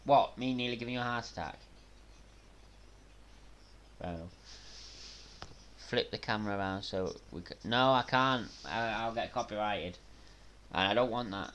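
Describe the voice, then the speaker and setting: Excitable Mancunian man commentating live. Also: on the low side, moderate pace, pauses often, slight background noise. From Manchester, England. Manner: excitable, bursts into loud gasps during big moves, casual with chat. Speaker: live stream host. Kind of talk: live watch-along commentary.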